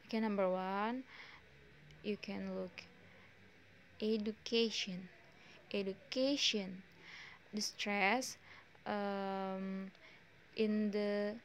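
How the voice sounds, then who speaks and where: A young woman with an Indonesian accent, a student slowly reading her pronunciation exam answers with frequent pauses and fillers. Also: medium pitch, slight background noise. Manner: slow, halting delivery with many pauses and fillers.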